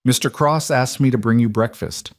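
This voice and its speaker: A man's voice: medium pitch, moderate pace, no echo, clean studio sound, pitched above the performer's own voice, natural voice. A man voicing a crime boss's female aide who speaks in a cool, matter-of-fact way. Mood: impassive. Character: calm, impassive woman, a crime boss's aide.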